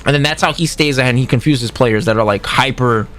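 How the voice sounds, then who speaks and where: A man's voice: medium pitch, fast talker, soft background music. A man coaching on a livestream in a casual, profane way, often acting out what other players might say. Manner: animated, profane, acts out quoted players. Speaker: streamer coaching fighting games.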